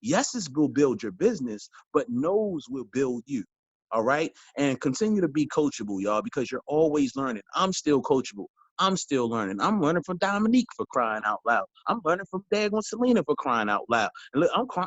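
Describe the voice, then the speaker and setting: A man's voice: fairly high pitch, sing-song, normal speed, no echo. A man coaching a sales team in a motivational training talk, emphatic and preachy, repeating his key lines and calling his listeners y'all. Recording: dull, dry lo-fi audio.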